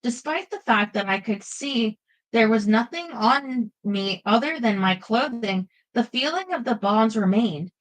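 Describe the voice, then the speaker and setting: A woman giving a lively first-person audiobook narration. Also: on the high side, unhurried, low-quality recording.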